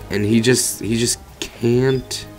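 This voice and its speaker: A man's voice: medium pitch, steady tone, takes it slowly, darkish tone, soft background music. A man giving rambling let's play commentary over a video game, swearing casually at it. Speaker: gamer commentator.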